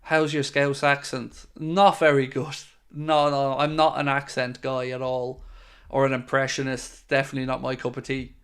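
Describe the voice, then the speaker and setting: Middle-aged male host, friendly and chatty, clear smooth tone, mid pitch. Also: level tone, moderate pace, a bit bright. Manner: chatty and friendly, with frequent fillers. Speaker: fan channel host. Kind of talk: casual live-stream chat reading viewer comments.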